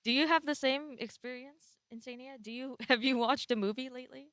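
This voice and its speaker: A woman hosts an esports analysis desk in an upbeat manner, laughing easily between questions. Her voice is bright and sits a little high. She keeps the panel talk moving. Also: brisk, dry recording. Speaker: desk host.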